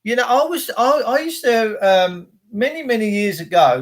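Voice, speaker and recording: Bloke hosting a stream, rambly and blunt, higher voice. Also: male voice, animated, normal speed, few pauses, fairly bright tone. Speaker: livestream host. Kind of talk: casual rambling livestream rant.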